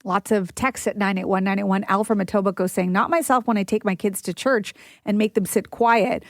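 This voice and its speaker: A woman's voice: mid-range voice, steady tone, brisk, no echo, clean studio sound. A woman from Toronto hosting a casual radio show, chatting, laughing and reading listener texts aloud. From Toronto, Canada. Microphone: dry studio mic.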